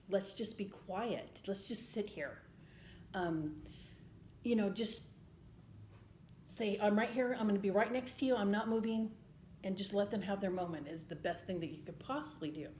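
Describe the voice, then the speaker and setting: A woman vlogger in casual chat, speaking earnestly and gently with frequent ums and restarts. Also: mid-range voice, a little hiss or hum. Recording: roomy indoor echo.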